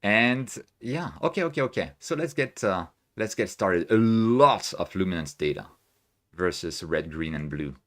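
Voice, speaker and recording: A young man with a somewhat low voice hosts a relaxed live stream from his home. He chats loosely, greeting viewers and reading their messages aloud, and fills his talk with ums, likes and restarts. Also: moderate pace. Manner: chatty, reads chat aloud, many fillers and restarts. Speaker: astrophotography livestream host. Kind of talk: casual live stream chat. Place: home room with equipment.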